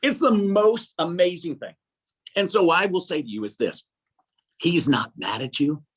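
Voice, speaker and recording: A middle-aged man, an interview guest, tells a story in an animated, earnest way, acting out dialogue and often repeating "I said.". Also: fairly high pitch, measured pace, husky. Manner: earnest, preacher-like. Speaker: guest speaker.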